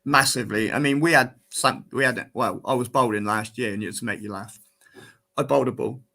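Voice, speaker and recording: A man's voice: mid-range voice, a little fast, gravelly, sharp tone. A man from England, a guest on a podcast, telling stories and giving blunt opinions in casual chat. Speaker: guest, disability cricketer.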